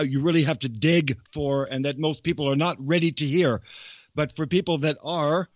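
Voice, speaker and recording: A male show host talks in a loose, digressive monologue, often restarting his sentences. His voice sits slightly high. The recording is dry, with no room sound, and a little dull. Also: no room sound. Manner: meandering, digressive, frequent restarts. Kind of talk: casual monologue.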